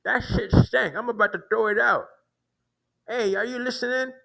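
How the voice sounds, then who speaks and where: A man putting on a rude, loud man who shouts crude complaints at a security guard. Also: extremely high pitch, normal speed, creaky, pitched above the performer's own voice, full character voice. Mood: yelling, irritated.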